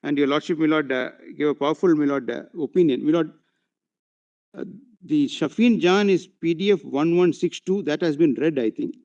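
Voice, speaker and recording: A high-voiced man with an Indian English accent presents a formal courtroom argument, reading passages and citations aloud and addressing the bench as my lord again and again. The sound is muffled and dull, as if taken from a courtroom feed. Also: normal speed, darkish tone. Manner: reads out passages and page citations. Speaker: advocate arguing before a court.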